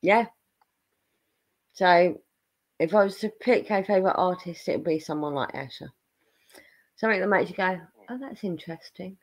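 A woman hosting a casual chat, relaxed and joking, acting out quoted reactions. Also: lowish voice, normal speed, pauses often. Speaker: host.

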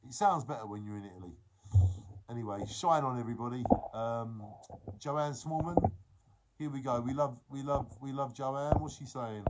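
A man's voice: mid-range voice, normal speed, heavy background noise. A man, chatting casually to his viewers during a livestream, reading out their comments and encouraging them. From England. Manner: earnest, encouraging, emphatic.

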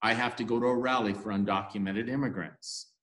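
A man's voice: fairly low pitch, fairly even intonation, a little fast, a bit bright, close to an everyday voice. A man doing an earnest elephant. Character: busy volunteer elephant. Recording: echoey room.

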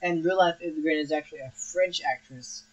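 A man's voice: fairly high pitch, fairly quick, dull audio. A young man hosting a film review show, talking casually and rambling with frequent restarts and fillers.

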